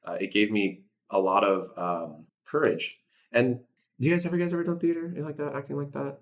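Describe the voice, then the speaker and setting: A young man, a voice actor guest chatting casually in an interview, animated and laid-back, saying dude and man often. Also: mid-range voice, a little fast.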